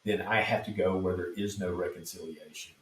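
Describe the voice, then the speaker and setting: A man answering interview questions as a street preacher, telling his stories in a calm, measured way. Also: low voice, far from the mic. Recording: echoey room, off mic.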